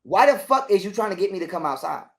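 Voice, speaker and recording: A man with a high voice and vocal fry talks quickly as an interview guest. In casual conversation he tells a profane story, animatedly acting out other people's lines as he retells it.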